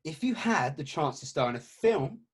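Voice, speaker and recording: A man from England co-hosting a casual podcast, animated and jokey. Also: a little high, slightly rough. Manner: animated, jokey, quick to laugh. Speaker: podcast co-host. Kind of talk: casual chat.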